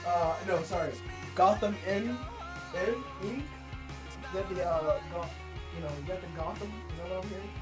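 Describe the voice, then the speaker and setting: A man with a fairly high voice talks casually to his live-stream chat. He trash-talks viewers playfully and rambles, often restarting mid-sentence. Soft music plays quietly in the background. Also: normal speed. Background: faint music.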